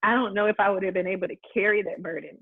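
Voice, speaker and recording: A woman's voice: medium pitch, racing, slightly rough, dry recording. Earnest woman host on a tinny line. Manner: heartfelt, earnest, many "like"s and restarts. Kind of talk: casual faith chat.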